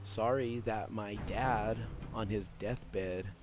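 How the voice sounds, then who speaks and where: A man's voice: on the low side, steady tone, takes it slowly, background noise. A man voicing a defensive, overwrought young woman in a mocking impression during a casual stream. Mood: defensive, dramatic.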